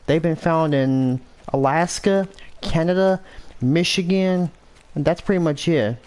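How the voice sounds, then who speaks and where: Slow-talking American man, rambling gameplay chat. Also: fairly high pitch, darkish tone, clear, resonant tone. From United States. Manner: rambling and self-correcting, thinking aloud. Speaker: gameplay commentator. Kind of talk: casual gameplay commentary.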